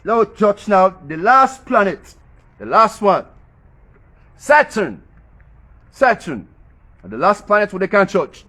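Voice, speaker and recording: A man with a high, light voice gives a loose, rambling monologue in creole-tinged English. He circles back and repeats key phrases for emphasis, and now and then lets out a soft chuckle to himself. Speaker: social media commentator. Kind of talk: rambling spoken monologue about planets and religion.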